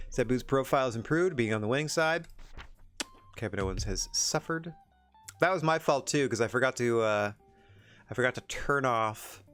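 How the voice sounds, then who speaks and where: A man's voice: fairly low pitch, a bit bright. A man streaming a wrestling management game, chatting casually in a rambling, self-deprecating way. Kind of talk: casual gameplay commentary.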